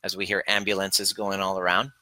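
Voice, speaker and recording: Speaking fairly quickly in a low, level voice with a bright, forceful tone, a man working as a relationship coach addresses the camera on a low-quality recording. He acts out a client session through quoted dialogue, earnestly and emphatically turning to the listener himself.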